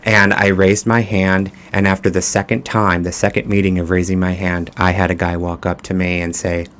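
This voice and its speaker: Deep-voiced man chatting reflectively. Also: moderate pace, slight background noise. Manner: relaxed, reflective, with many fillers and restarts. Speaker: podcast guest. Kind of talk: casual conversational storytelling.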